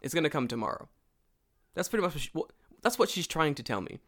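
Animated, swearing man telling a story. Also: fairly high pitch, fast talker. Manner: animated, acts out both sides of a phone call, laughs often, swears a lot. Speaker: storyteller in a conversation. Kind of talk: casual profane storytelling chat. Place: lives and works in Japan.

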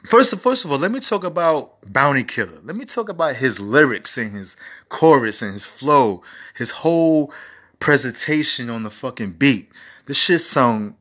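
A man's voice: medium pitch, lively intonation, normal speed, fairly bright tone. A man in his forties hosting a casual music review show, rambling and profane with enthusiastic asides. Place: home recording setup.

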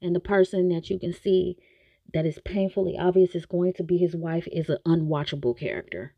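A woman's voice: fairly low pitch, fairly even intonation, fairly quick, no room sound, dull audio. Blunt, exasperated woman ranting about a show. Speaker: podcast host reviewing a TV series. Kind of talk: casual opinionated commentary.

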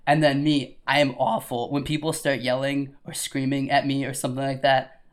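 A man's voice: mid-range voice, normal speed. A young man who works in a carpet department, casually telling a story with lots of swearing and laughter. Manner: animated, profane, laughs while telling stories.

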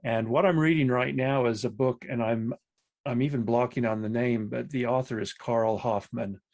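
A retired man in his sixties, introducing himself as a panel guest over a video call in a relaxed, unhurried way. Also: medium pitch. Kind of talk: casual self-introduction.

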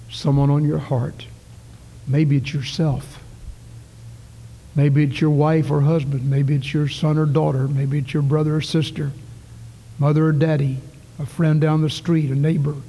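A man preaching from the pulpit, earnest and story-driven, his voice fairly high for a man but mellow. A long church reverb hangs behind each phrase as he swings between raised calls and quiet hushes. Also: level tone, measured pace, long pauses. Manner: earnest storytelling, rising to calls then dropping to near whispers. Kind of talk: sermon. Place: church sanctuary.

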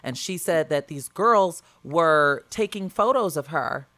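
Low-voiced woman co-hosting a chat. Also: lively intonation, fairly bright tone. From Chicago area. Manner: earnest, rapid storytelling with restarts. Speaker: podcast co-host. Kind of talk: casual chat.

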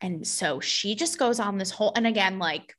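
A woman's voice: medium pitch, normal speed, fairly bright tone. A woman hosting her own podcast, talking alone in a blunt, sarcastic way, swearing freely and mocking the people she talks about. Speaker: podcast host. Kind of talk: opinionated solo podcast monologue.

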